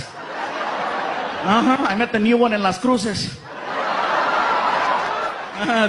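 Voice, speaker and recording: High-voiced man shouting stand-up punchlines. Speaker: stand-up comedian. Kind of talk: stand-up routine. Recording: noisy live club recording.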